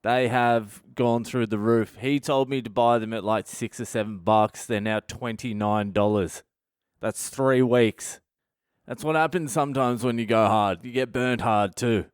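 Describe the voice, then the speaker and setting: A man's voice: mid-range voice, unhurried, smooth, no room sound, clean studio sound. Profane, ranting Australian man. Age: middle-aged. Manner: profane, ranting, self-mocking. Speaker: comedian podcast host. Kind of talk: comic storytelling monologue.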